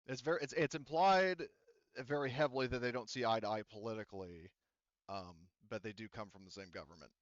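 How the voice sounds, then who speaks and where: A man's voice: medium pitch, fairly quick, no echo, highs cut off. A man running a tabletop game, explaining the setting loosely with lots of fillers. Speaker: game master.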